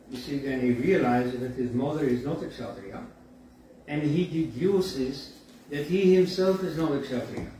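A man giving a university lecture in a storytelling way, often pausing with fillers and asides like "you see.". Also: mid-range voice, dark tone. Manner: conversational, frequent "you see" and filler pauses. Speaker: guest lecturer. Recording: echoey hall from far off, faint background noise.

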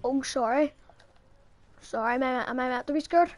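A woman gamer chatting excitedly and swearing through live gameplay. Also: sits high, normal speed, no room sound.

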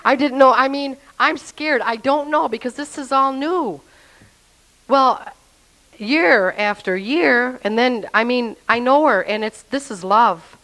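A woman's voice: high-pitched, measured pace, a bit bright, low-quality recording. Earnest woman giving a faith testimony. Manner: earnest, emotional, talks straight to the listener. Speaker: testimony speaker.

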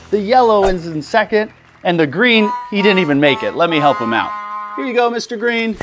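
Lively kids' show host man. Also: high-pitched. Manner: excited, exaggerated, speaks to young viewers. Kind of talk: upbeat kids' educational presenting.

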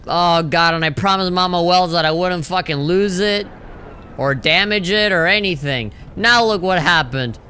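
Male game streamer, bright voice, a little high, jokey and profane, faint hiss behind. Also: normal speed. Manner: laughing, swearing, joking reactions. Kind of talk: casual gameplay commentary.

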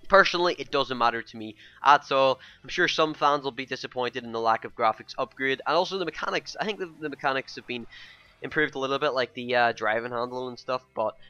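Fast-talking man rambling to viewers. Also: medium pitch, pushed and bright, no echo. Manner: rambling, many fillers, keeps addressing viewers as guys. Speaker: gaming YouTuber. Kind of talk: casual game first-impressions vlog. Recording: dull lo-fi dry home mic.

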